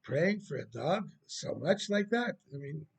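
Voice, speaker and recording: A skeptical visiting professor asks his questions in a measured, puzzled tone, as a man puts him on. The voice is fairly high and even. It reads like a figure in a told anecdote. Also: creaky, husky, heavily acted. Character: skeptical Jewish male professor from England.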